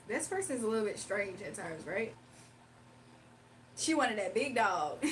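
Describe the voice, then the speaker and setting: A woman's voice: on the high side, expressive, moderate pace, long pauses, fairly bright tone, distant mic, slight background noise. A young woman hosting a casual livestream, chatting, laughing often and reading viewers' comments aloud. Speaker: livestream host doing readings.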